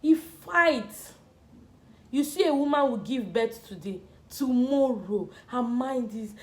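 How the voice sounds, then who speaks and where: A woman's voice: on the high side, animated, a little slow, darkish tone, a little hiss or hum. A young woman vlogging to camera, talking earnestly and with emphasis, often repeating words as she makes her point. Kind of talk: personal talk to camera. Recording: echoey room.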